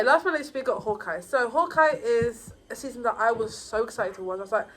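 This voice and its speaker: A woman casually reviewing TV episodes, rambling and excitable with many fillers and restarts. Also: a little high, slight background noise, poor audio. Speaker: YouTuber reviewing TV shows.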